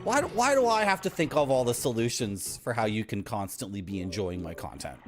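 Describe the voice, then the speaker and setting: A man's voice: on the low side, very animated, fairly quick. A man streaming a video game, casually commenting and joking with his chat. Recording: game music behind voice.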